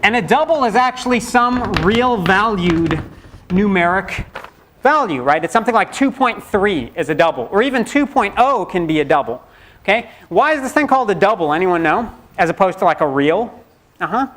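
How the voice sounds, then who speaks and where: High-pitched guy lecturing in a big hall, jokey, chatty, plays out student questions. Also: very animated, moderate pace, a bit bright, slight background noise. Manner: joking, conversational, acts out student questions. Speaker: university lecturer. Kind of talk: classroom lecture.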